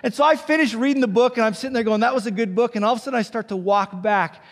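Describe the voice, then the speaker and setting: Male pastor, high voice, animated sermon storytelling, slips into hushed asides; long hall reverb. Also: rapid-fire. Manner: animated storytelling, acts out quoted voices, drops to a hushed near-whisper.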